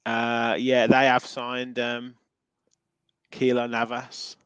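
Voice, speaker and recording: A man with an English Midlands accent hosts a casual football podcast, chatting and reading out viewer comments with plenty of ums. His medium-pitched voice is completely flat, slow, a bit bright and smooth. The audio is poor, though there's no echo.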